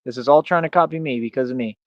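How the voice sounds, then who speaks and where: A man's voice: mid-range voice, quick pace, no echo, muffled recording. A man, a streamer ranting in a boastful, taunting way and often asking "right?". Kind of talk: ranting monologue.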